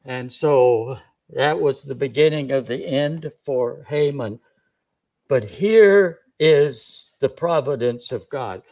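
Slow, folksy male preacher. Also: medium pitch, a little mellow. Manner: folksy, conversational, with chuckles and restarts. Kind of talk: sermon, retelling a scripture story.

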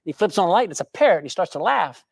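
A woman preaching a sermon, animated and questioning her congregation, with jokes and anecdotes along the way. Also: lowish voice, rapid-fire, creaky, breathy edge, no room sound, studio quality. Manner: tells jokes and anecdotes with a laugh.

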